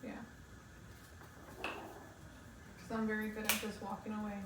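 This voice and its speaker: A woman's voice: mid-range voice, monotone, normal speed, very noisy. A young woman co-hosting a casual chat over a meal, with teasing, dry remarks. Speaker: co-host. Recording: far from the mic in an echoey room with loud ambience.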